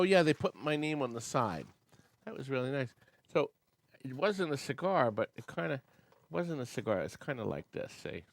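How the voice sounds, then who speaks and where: A man in his sixties hosting a casual chat, reading old record labels aloud and humming bits of songs. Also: medium pitch. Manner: chatty, reads labels aloud and hums snatches of songs. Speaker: host of an amusement sales company show.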